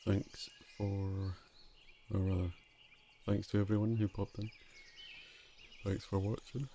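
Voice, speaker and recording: A tired man with a low, dark, gravelly voice, speaking very slowly as a streamer signing off. His talk is casual, sleepy and rambling, with faint noise behind. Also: level tone.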